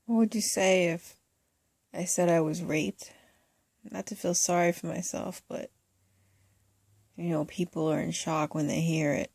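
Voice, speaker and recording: A woman filmmaker speaking in a soft, halting, hesitant way, in confessional documentary talk. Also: fairly low pitch, steady tone, creaky, no room sound, clean studio sound. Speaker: first-time filmmaker.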